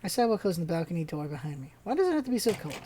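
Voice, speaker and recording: A woman's voice: on the low side, big pitch swings, very fast, dark tone, slight background noise. A woman hosting a let's-play, reading a visual novel's first-person narration with asides.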